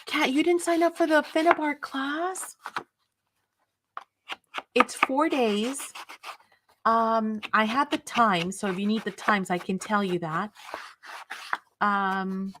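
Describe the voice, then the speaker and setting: A woman's voice: on the high side, takes it slowly, pauses often, noisy background. A woman hosting a craft live stream, chatting casually with viewers in an enthusiastic, rambling way.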